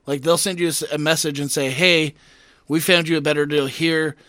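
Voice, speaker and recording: A man co-hosting a podcast in casual banter, profane and animated as he tells a story. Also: a little high, a little fast, dry recording, clean studio sound. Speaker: podcast co-host.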